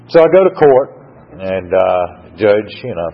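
A man's voice: deep voice, big pitch swings, a little slow, slight background noise. A middle-aged man from Georgia with a Southern accent, telling his recovery story in a rambling, wry, folksy way at a meeting. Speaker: speaker sharing a recovery story. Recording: dull lo-fi recording.

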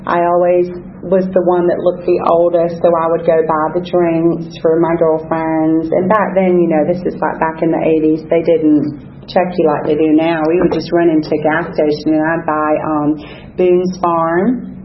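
A woman's voice: sits low, flat delivery, moderate pace, highs cut off, a little hiss or hum. English woman sharing her recovery story. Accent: English, softened by years in the American South. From England. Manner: candid, conversational, many ums and self-corrections. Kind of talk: personal testimony to a group.

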